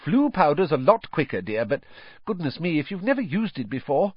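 A man voicing a fussy, doting middle-aged witch mother with an anxious, higher voice and a husky edge, on a dull, dry recording. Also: big pitch swings, fairly quick, no room sound. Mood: fussing.

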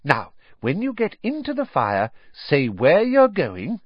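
A man voicing a fussy, doting middle-aged witch mother with an anxious, higher voice and a husky edge, on a dull, dry recording. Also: wildly swooping pitch, slow pace, no room sound, exaggerated voice. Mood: fussing.

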